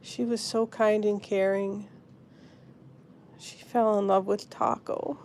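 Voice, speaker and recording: A woman hosting a live stream from her phone, talking softly and sadly to viewers in the chat. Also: mid-range voice, flat delivery, slow pace, slight background noise. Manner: soft, grieving, answering chat comments. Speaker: pet channel host.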